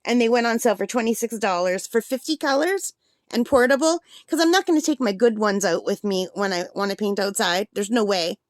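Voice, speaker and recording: A woman's voice: mid-range voice, a little fast, no room sound. A woman chatting casually through an art supply unboxing, rambling with fillers while she has the hiccups.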